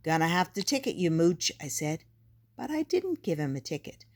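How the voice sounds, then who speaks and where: A woman's voice: fairly low pitch, very animated, moderate pace, a little mellow. A woman voicing an easygoing police officer who jokes with a cat, in a storybook reading. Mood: amused.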